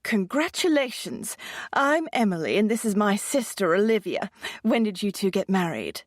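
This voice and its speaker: A woman's voice: medium pitch, sing-song, dry recording, studio quality. A woman voicing a chatty, blunt traveler with a posh British accent. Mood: friendly. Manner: brisk, blunt, sociable.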